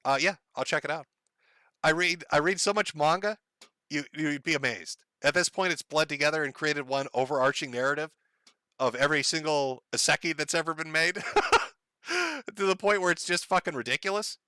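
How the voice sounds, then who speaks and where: A man's voice: a little high, animated, moderate pace, sharp tone, clear, resonant tone, dry recording. Rambling, profane male streamer. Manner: rambling, profane, laughs often. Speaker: livestream host. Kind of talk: casual livestream chat.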